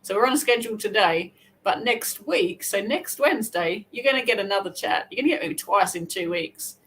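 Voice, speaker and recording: An Australian woman hosting a casual crochet livestream, chatting and rambling with quick self-corrections. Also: mid-range voice, lively intonation, fairly bright tone, rough recording. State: hair wet, just out of the shower. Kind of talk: casual live chat.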